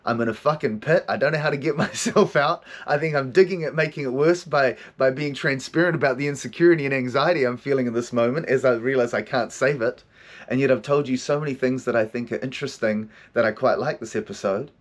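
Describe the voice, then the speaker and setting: Talking fast in a mid-range voice, a middle-aged counselor from New Zealand hosts his own podcast. His solo confessional monologue is raw and emotional, with a lot of swearing.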